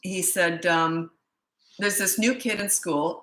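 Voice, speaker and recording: A woman's voice: medium pitch, fairly quick, sharp tone, reverberant, rough recording. A woman parenting coach answering questions in a blunt, chatty way that often breaks off mid-thought. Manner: blunt, chatty, self-interrupting. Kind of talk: casual live Q&A.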